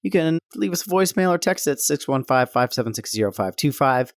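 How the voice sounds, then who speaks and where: A man's voice: mid-range voice, expressive, brisk, dry recording. Dry-witted male podcast host. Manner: dry, wry remarks. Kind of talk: casual comedic chat.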